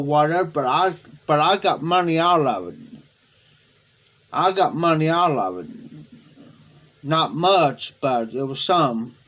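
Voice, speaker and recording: A man's voice: on the high side, fairly bright tone, muffled recording. A man hosting a live stream, telling a personal story in a rambling way, often repeating himself and quoting what others said. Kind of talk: casual storytelling.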